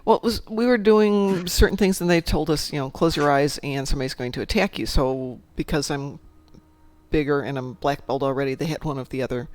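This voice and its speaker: A woman hosting a casual gaming chat, a chatty storyteller who talks in an animated, jokey way. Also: low voice, fairly quick, no echo. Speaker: stream host.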